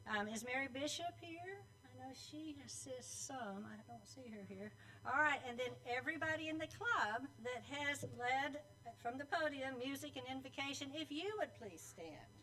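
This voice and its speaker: A woman with a fairly high voice runs through announcements at a club meeting. She talks in a chatty, teasing way as she calls on members by name. A faint hum sits under her voice. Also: pushed and bright, far from the mic, low-quality recording. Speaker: club board member introducing teams. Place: meeting room at a club luncheon.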